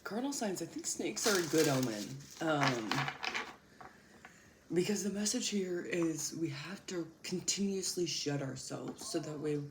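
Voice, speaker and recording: Young woman, casual tarot chat, low voice, laughs a lot, echoey room, loud background noise. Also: animated, a little slow. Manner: chatty, laughs often, swears casually. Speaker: tarot reader and channel host. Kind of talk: casual chatty tarot reading.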